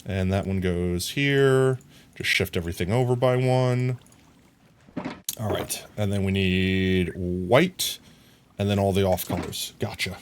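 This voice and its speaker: A man's voice: low-pitched, measured pace, a little hiss or hum. A man casually narrating his game on a live stream, talking to chat and humming silly sound effects as he works.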